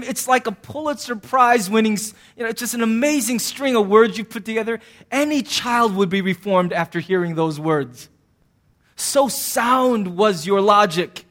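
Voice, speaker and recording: A male pastor preaching a sermon in a conversational, animated way, with sudden bursts of emphasis. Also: very high-pitched.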